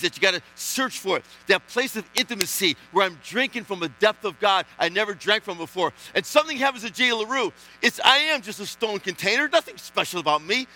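A man delivers a fervent sermon in a high, ringing voice. He hammers phrases again and again and drops from loud exclamations to near-hushed lines, with a bright, forceful edge throughout. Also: slight background noise, low-quality recording. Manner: impassioned, emphatic preaching with repeated phrases. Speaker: guest preacher.

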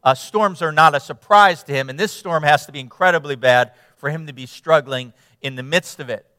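A male preacher reading and retelling scripture with earnest emphasis, then praying softly. His voice is slightly high, bright and smooth. The sound carries a long reverb. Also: a little fast, studio quality. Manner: earnest, emphatic, drops to a hushed tone in prayer. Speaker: pastor. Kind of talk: sermon with scripture reading and prayer.

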